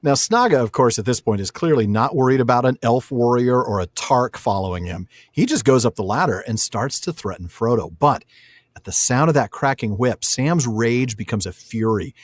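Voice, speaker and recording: Lively chatty man on a dry mic. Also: medium pitch, normal speed, dry recording. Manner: chatty, laughs often, quotes the book aloud. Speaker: podcast co-host. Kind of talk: casual chat.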